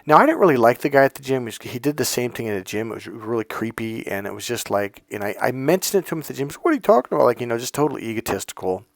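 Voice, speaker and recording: Rapid-fire and creaky, a man coaching on dating rattles through a casual story with few pauses, recorded dry and clean in a studio. He's animated and foul-mouthed, mimicking people with big pitch shifts.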